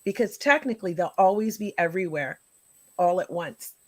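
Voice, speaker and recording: A woman's voice: on the low side, animated, moderate pace, darkish tone. A woman hosting a live show, talking in long rambling chains of thought and restarting her sentences. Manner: rambling, thinking aloud. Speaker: host.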